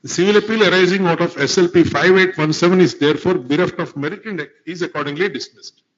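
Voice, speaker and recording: A man with a high voice and an Indian accent speaks fast, arguing a case formally before judges as an advocate. He calls the bench "my lord" throughout this courtroom legal argument, captured in lo-fi courtroom livestream audio.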